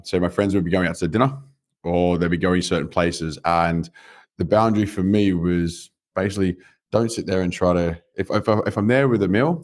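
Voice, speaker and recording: A man's voice: deep voice, a little mellow. A man from the UK co-hosting a podcast in casual, blunt chat, who swears freely and laughs often. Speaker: podcast co-host.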